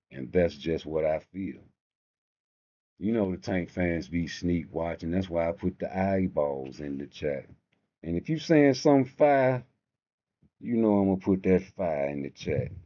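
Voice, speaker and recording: Low and mellow, a live show host rambles through profane stories in a casual rant on his stream. The audio is dull lo-fi stream sound.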